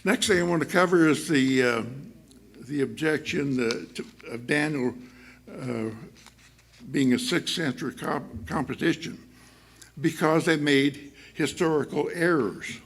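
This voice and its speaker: Male church speaker, gravelly, relaxed sermon delivery full of ums and restarts. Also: on the high side. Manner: chatty, halting with many fillers and restarts; laughs often while speaking.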